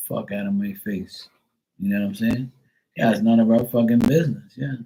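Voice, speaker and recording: A man's voice: lowish voice, darkish tone, rough recording. A middle-aged man hosting a livestream, telling a rambling story full of blunt profanity in casual chat. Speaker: livestream host.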